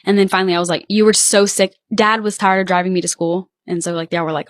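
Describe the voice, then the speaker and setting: A young woman, from Louisiana, co-hosting a podcast in casual chat and telling animated stories with quoted voices. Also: mid-range voice, fast talker, no echo, clean studio sound. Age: young adult. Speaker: podcast co-host.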